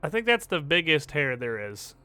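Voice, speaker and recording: Bright-voiced joking young streamer man. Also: fairly high pitch, normal speed, clear, resonant tone, soft background music. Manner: joking, profane, animated. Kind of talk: casual gameplay commentary.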